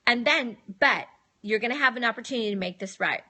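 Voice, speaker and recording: Bright-voiced woman giving firm parenting advice. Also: on the high side, expressive, quick pace. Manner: firm, matter-of-fact, acts out her own words to her children. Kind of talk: casual live-stream talk.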